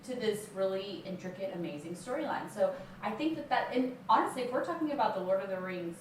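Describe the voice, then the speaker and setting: A woman's voice: medium pitch, expressive, fast talker. A woman co-host in a casual chat, giving her opinions in a chatty way. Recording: roomy, distant mic with background noise.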